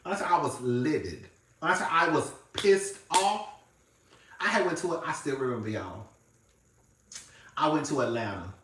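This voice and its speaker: A man chatting casually to camera as a reality TV reviewer. He calls everyone "girl", swears freely and swings between loud and hushed. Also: a little high, lively intonation, moderate pace, long pauses, recorded from a distance, noisy background. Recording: echoey room, voice off-mic.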